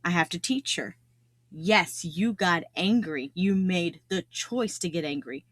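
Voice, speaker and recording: A woman's voice: fairly low pitch, measured pace, no echo. A middle-aged woman hosting a solo self-improvement podcast, talking earnestly and repeating key phrases for emphasis. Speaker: podcast host.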